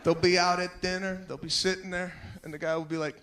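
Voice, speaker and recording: A man doing stand-up comedy on stage, animated and exasperated, often shouting his punchlines. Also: high voice, a little fast, crowd noise, background noise. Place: comedy stage before a live audience.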